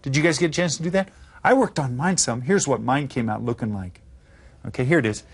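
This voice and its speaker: Slow, patient man teaching children. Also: mid-range voice. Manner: slow, clear modeling of phrases for repetition. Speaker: Spanish teacher. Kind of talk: classroom lesson for children.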